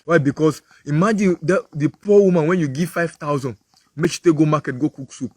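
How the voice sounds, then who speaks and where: A man's voice: on the high side, brisk, no echo. A man with a Nigerian accent, a preacher giving a moral talk full of vivid, repetitive storytelling.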